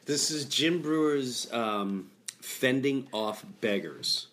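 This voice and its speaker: Middle-aged guy chatting from a hotel room, rambly jokey stories, keeps restarting, average pitch. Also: lively intonation, takes it slowly, fairly bright tone. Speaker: podcast host. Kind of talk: casual chat. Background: construction noise.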